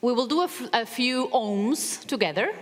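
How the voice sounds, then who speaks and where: A woman motivational speaker giving a stage talk, telling stories with animated, emphatic repetition. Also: fairly high pitch, normal speed. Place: large theater stage. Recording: reverberant hall.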